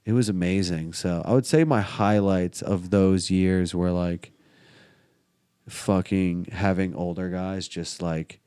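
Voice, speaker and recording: A young man in his twenties rambles through his stories in a relaxed, slangy way. His voice sits a little low. The sound is dry and close, with no room around it. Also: slow pace, clean tone, dry recording. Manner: laid-back slangy storyteller, heavy swearing and fillers. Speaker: podcast guest. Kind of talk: casual storytelling.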